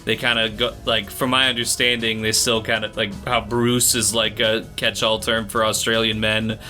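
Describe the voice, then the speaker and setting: A man in his thirties with a bright, forceful voice chats casually. He rambles and hedges his points with plenty of "like" as he goes, keeping things loose. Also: on the low side, little pitch movement, normal speed, soft background music. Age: 30s. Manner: rambling, hedging with lots of "like". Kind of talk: casual chat.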